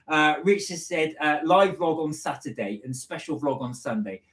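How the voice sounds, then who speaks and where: A man's voice: a little high, lively intonation, normal speed, a bit bright. Man, live-stream co-host, chatty, reads comments, echoey room. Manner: chatty, laughs often, reads viewer comments aloud. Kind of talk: casual live-stream chat, reading comments. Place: home, indoors.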